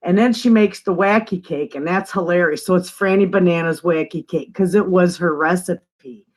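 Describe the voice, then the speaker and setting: In a lowish, darkish voice at normal speed, an older woman from northern Michigan hosts a casual homestead live stream. She greets viewers and reads their comments aloud from her home, away from the living room.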